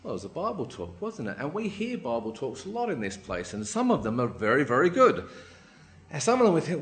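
A man's voice: mid-range voice, a little fast. A man giving a sermon with personal stories, acting out voices and often asking the room "right?". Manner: lively, acts out quoted voices, keeps asking "right?". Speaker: lay preacher. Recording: roomy hall echo.

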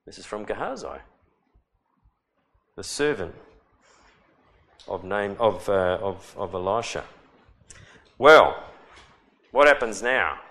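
A male Bible teacher walks his listeners through a passage as a story. He keeps it lively with rhetorical questions and vivid retelling. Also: on the low side, slow pace, long pauses.

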